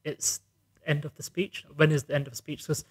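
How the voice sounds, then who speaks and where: A man with a fairly high voice explains his working habits in a relaxed chat. He is practical and conversational, walking through his tips step by step. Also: brisk. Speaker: podcast co-host, wedding DJ. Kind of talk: casual chat.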